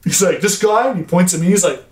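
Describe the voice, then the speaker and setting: A man telling a story in casual podcast chat, animated, acting out dialogue and swearing often. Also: sits high, quick pace, a little hiss or hum. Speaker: podcast co-host. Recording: echoey room.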